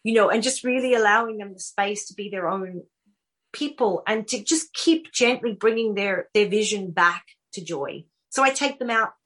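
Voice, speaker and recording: Speaking at medium pitch and a normal speed, this middle-aged woman with an Australian accent is a guest author on a relaxed podcast. She recounts stories warmly and animatedly, laughing along the way.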